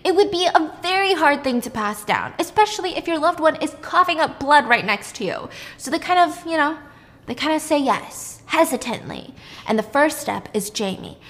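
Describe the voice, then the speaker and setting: A young woman retelling a story in a casual, chatty, animated way. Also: high-pitched, moderate pace, long reverb tail. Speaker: storyteller host.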